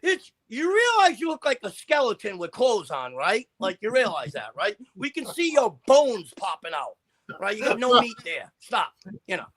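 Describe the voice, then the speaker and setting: Man, high-pitched, bright edgy tone, rambling podcast guest. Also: moderate pace. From American of Italian family. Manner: rambling, animated, heavy "you know" filler. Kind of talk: casual podcast chat.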